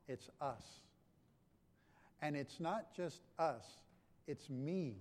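A man's voice: a little high, very slow, long pauses, a little mellow. A pastor giving a conversational sermon, asking his congregation questions. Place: church sanctuary. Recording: long hall reverb.

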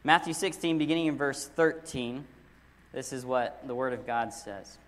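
A man's voice: mid-range voice, moderate pace. A man preaching a sermon as pastor, earnest and emphatic, leaning hard on key words. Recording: long hall reverb.

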